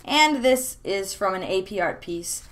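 A woman's voice: medium pitch, expressive, a little slow, a bit bright. A young woman in casual chat about her sketchbooks, chatty and rambling with many fillers and restarts, gushing with enthusiasm. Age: young adult. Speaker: art vlogger. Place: room at home.

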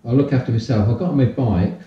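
An older man, a podcast guest telling his life story in a casual, animated way and acting out the dialogue. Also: mid-range voice, fast talker. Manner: animated storyteller, acts out dialogue, repeats phrases. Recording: distant, roomy, dull-sounding audio.

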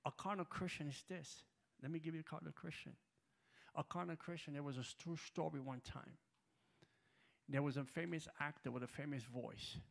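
A man preaching a sermon as a guest at a church prayer gathering, telling a story with heavy repetition and building to loud shouts. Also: mid-range voice.

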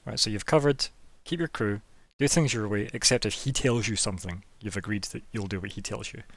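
A man's voice: fairly low pitch, fairly quick, no room sound. A man running a tabletop game as game master, narrating in a loose, chatty way full of "right?" checks.

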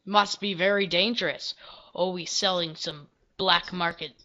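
A woman giving casual, self-deprecating commentary while she plays a video game, now and then breaking into loud yelps. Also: fairly low pitch, fairly even intonation, measured pace, highs cut off. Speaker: gameplay video creator. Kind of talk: casual let's-play commentary.

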